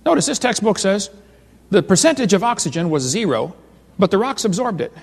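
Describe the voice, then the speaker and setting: A man's voice: high-pitched, big pitch swings, brisk, gravelly, breathy edge. A man giving a humorous creation seminar lecture, telling folksy stories and cracking wise jokes to a live audience. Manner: folksy, wisecracking storyteller. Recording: long hall reverb.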